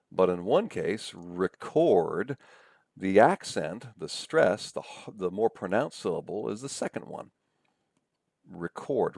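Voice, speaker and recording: A man giving a recorded lecture, explaining patiently and reading examples slowly. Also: low voice, gravelly, a little mellow, dry recording, studio quality.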